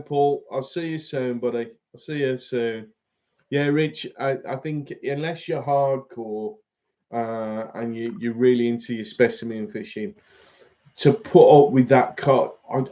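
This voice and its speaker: Bloke chatting away on a fishing stream, laughs a lot, mid voice, bit muffled. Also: male voice, mid-range voice, fairly even intonation, unhurried, dark tone. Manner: chatty, laughs often, reads out viewer comments. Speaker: fishing channel host. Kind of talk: casual live-stream chat.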